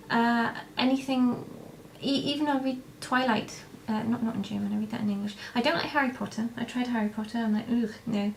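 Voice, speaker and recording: A slightly high, gravelly female voice comes through with a bit of background noise. She's a young vlogger casually chatting to camera, rambling through viewer questions with frequent hesitations and false starts.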